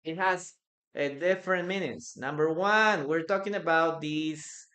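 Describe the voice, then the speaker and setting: A male English teacher from Peru leads a live online class, repeating each word with patient care. He speaks at a slow, deliberate pace. His voice comes through smooth and resonant. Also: a little high, pushed and bright. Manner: slow, patient, repeats words for pronunciation drills.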